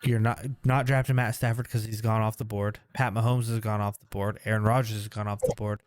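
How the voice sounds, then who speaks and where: A man co-hosting a casual fantasy football podcast, thinking out loud as he runs through draft picks. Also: on the low side, brisk, dry recording. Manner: animated, thinks aloud while listing picks. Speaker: podcast co-host.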